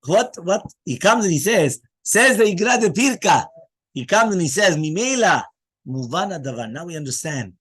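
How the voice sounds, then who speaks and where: A man, a rabbi, giving a lively Torah class in English mixed with Hebrew terms. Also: high voice, fairly quick, breathy edge. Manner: animated teaching, mixing English with Hebrew terms.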